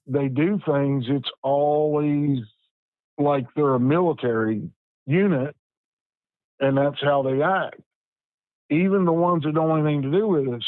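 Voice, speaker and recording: A plainspoken man, speaking at a middle pitch in a folksy, unhurried telling. His sentences come in short, halting pieces. The sound is dry and close. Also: a little mellow, no room sound, poor audio. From West Virginia. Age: 50s. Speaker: Bigfoot researcher guest. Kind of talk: personal storytelling.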